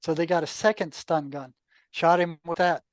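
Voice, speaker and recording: An older man, a retired therapist, telling anecdotes in a relaxed, conversational podcast interview, full of asides. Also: a little high, moderate pace, no echo. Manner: relaxed, anecdotal, many asides and "you know". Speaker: podcast guest, retired psychotherapist. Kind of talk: casual storytelling.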